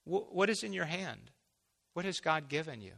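A man preaching a conversational sermon, acting out imagined dialogue and building to loud, emphatic peaks. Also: a little high, very animated, moderate pace, creaky, big-room sound.

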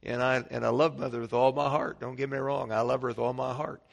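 A man's voice: mid-range voice, fairly even intonation, fast, creaky. A middle-aged man preaching a sermon, emphatic, with frequent restarts and personal asides.

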